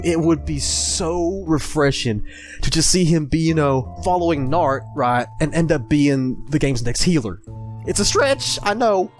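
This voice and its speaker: A man hosting a video, chatting casually and gushing excitedly as he reads through comics, laughing often. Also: on the high side. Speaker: video host. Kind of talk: casual commentary while reading comics.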